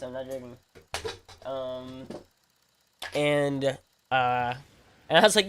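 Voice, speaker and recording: A man's voice: fairly high pitch, expressive, normal speed, long pauses, fairly bright tone. A man streaming a game, chatting casually in slang, rambling and repeating himself as he tells stories. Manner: casual slang, says "bro" and "freaking". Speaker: gaming streamer. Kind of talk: casual livestream chat while playing.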